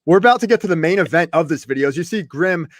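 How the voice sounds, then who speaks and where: Man, high voice, pitch jumping all over, excitable, slangy, dry close sound. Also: fast, dry recording. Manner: excitable, swears casually, says dude and bro. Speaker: podcast host, former arcade manager. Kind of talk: casual podcast conversation.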